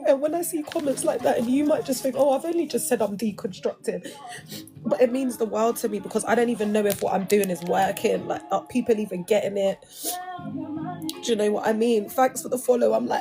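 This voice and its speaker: A woman's voice: on the high side, a little fast, creaky, over music. Young woman, vlogger, emphatic, slangy, talking straight to her viewers. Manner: emphatic and slangy, heavy use of "like" and "you know". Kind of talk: emotional casual monologue.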